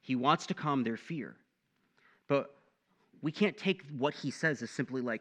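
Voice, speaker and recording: A young man preaching a sermon in a conversational, animated way, often tossing in "right?" to the listeners. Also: mid-range voice, unhurried, long pauses. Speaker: pastor.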